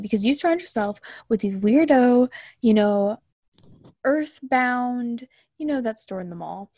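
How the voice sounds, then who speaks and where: A young woman co-hosting a casual chat, retelling a film with lots of fillers and mock-indignant asides. Her voice sits fairly high and is heard close up in a dry space with no room sound. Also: measured pace, no room sound. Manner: animated, chatty, full of "like" and mock-indignant asides.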